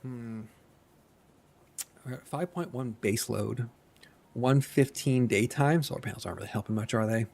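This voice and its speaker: A man's voice: medium pitch, moderate pace, gravelly, long pauses, darkish tone. A man streaming a factory-building game, muttering to himself with playful asides. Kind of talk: casual gameplay commentary.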